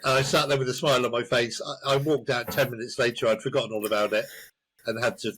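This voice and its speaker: A man's voice: medium pitch, fairly even intonation, fast, fairly bright tone, slight background noise, poor audio. A man reviewing a film on a podcast, wry and dryly sarcastic as he gives his verdict. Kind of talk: casual film review chat.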